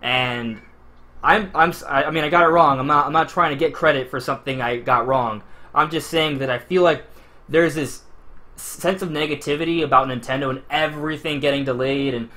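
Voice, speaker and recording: A man's voice: a little high, brisk, bright, forceful tone. A man hosting a casual podcast discussion, talking at length in a rambling way with frequent restarts. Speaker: podcast host.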